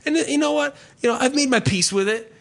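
A man with a very high-pitched voice talks fast, ranting comically about everyday annoyances in a casual chat. He's profane and theatrical, animatedly mock-shouting the quotes he acts out.

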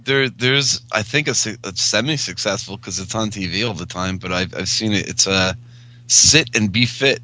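A man's voice: fairly low pitch, normal speed, sharp tone, rough recording. A man co-hosting a casual chat, chiming in briefly and giving short explanations. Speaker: podcast co-host.

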